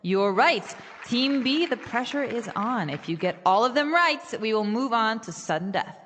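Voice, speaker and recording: A woman's voice: fairly high pitch, lively intonation, moderate pace, a bit bright, big-room sound, voice pushed up. A woman playing an upbeat game show host. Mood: announcing. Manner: announcing, showy. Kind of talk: scripted skit.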